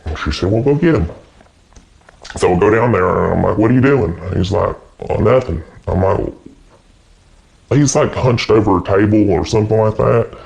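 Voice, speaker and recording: A man doing a creaky, stammering oddball twin. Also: fairly low pitch, a little mellow, highs cut off. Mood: rambling. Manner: halting, earnest, stammering. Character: awkward earnest adult man, twin brother. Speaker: interview guest. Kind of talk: mock interview comedy.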